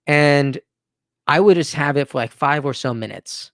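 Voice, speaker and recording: A man's voice: on the high side, moderate pace, a bit bright, dry recording, studio quality. A man in his thirties hosting a casual live stream and answering viewer questions, earnest and enthusiastic, often restarting phrases and adding "right?". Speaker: livestream host.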